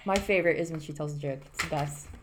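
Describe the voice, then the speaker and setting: A woman's voice: deep voice, fast talker, a little hiss or hum. A woman in her thirties co-hosting a casual podcast, talking earnestly and rambling with restarts. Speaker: podcast co-host. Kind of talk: casual chat.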